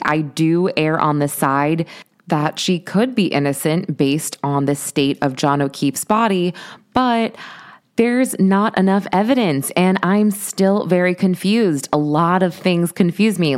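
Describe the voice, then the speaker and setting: A woman hosts her podcast alone, talking through the news in a chatty, opinionated way. Her voice sits low for a woman. She goes off on asides and restarts her sentences as she thinks. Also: clean tone. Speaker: podcast host. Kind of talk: casual solo commentary.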